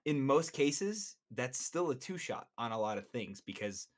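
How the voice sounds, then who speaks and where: Podcast co-host, male, mid-pitched, talks through game mechanics at length in a casual way. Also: big pitch swings, a little slow. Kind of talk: casual chat.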